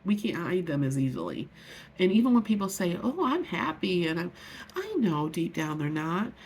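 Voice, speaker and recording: A woman's voice: lowish voice, big pitch swings, moderate pace, darkish tone, a little hiss or hum. A middle-aged woman telling a personal story in an earnest, heartfelt, rambling way, often restarting her sentences. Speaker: vlogger. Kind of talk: emotional personal vlog.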